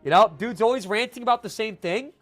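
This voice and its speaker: Animated high-voiced male streamer. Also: fast, no echo, soft background music. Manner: animated, swings from mumbled asides to loud protests. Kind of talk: casual live-stream chat with viewers.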